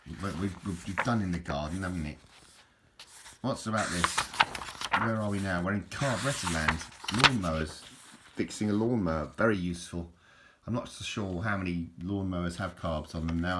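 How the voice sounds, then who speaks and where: Low rambling man, noisy recording. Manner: rambling, chatty, lots of restarts. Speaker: book reviewer. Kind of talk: casual chat.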